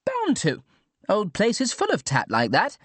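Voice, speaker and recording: Male narrator playing a jolly upper-class older Englishwoman, clipped and breezy, pitched up, dry close sound. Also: wildly swooping pitch, measured pace, fairly bright tone, dry recording, full character voice. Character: posh, hearty older English countrywoman. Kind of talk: audiobook character voice.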